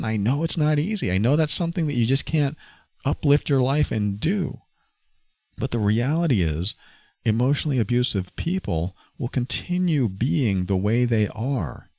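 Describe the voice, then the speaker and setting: A man's voice: on the low side, creaky, no echo. A man hosting a podcast, talking earnestly and confessionally about his own experience. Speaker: podcast host. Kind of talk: personal reflective monologue.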